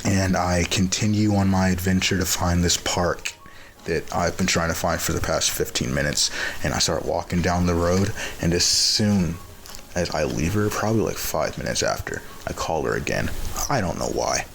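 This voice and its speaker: A man's voice: deep voice, normal speed, creaky, fairly bright tone, a little hiss or hum, poor audio. A young man telling a casual story-time tale, rambling and profane with lots of fillers and restarts. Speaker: vlogger.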